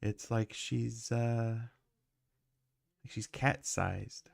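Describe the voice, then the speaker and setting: A man's voice: mid-range voice, steady tone, extremely slow, gravelly, no echo. A man who is sick with a cough, chatting casually while he livestreams his animation work and rambling with lots of ums and uhs.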